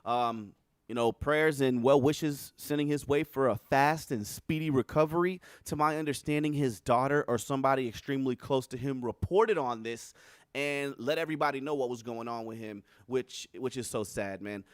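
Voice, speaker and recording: A young man talking casually on his livestream, rambling and animated, swearing freely as he reacts to the news. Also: medium pitch, normal speed, clear, resonant tone, dry recording, clean studio sound. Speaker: streamer. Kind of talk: casual chat.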